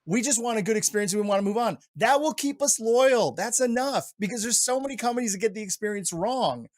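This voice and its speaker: Emphatic man, high and dry. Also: quick pace, no echo. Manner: emphatic and animated, peppered with "right?" and "like". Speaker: retail industry analyst. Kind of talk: panel discussion.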